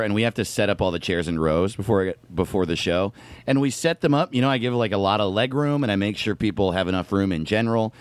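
A man's voice: lowish voice, no room sound. A man who is a guest on a podcast, chatting casually and telling self-mocking stories. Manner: self-deprecating, laughing storyteller. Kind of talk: casual chat.

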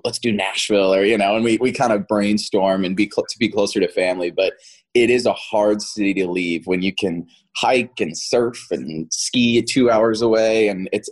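A man in his thirties, an actor guest in a casual interview, rambling and repeating words as he talks, often laughing. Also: fairly low pitch.

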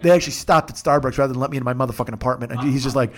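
A man's voice: mid-range voice, racing. A middle-aged man hosting a comedy podcast, ranting through a long profane story with self-mocking asides.

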